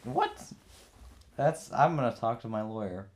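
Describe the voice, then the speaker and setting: A man co-hosting a comedy podcast in casual banter, teasing his partner with jokes and sudden loud outbursts. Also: mid-range voice, wildly swooping pitch, unhurried, creaky. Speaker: podcast co-host.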